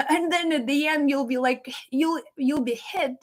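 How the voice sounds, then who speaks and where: A woman's voice: sits high, a little slow. A woman speaking as a psychic medium and spiritual teacher, talking to camera in an earnest, encouraging way. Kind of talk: casual spoken teaching to camera.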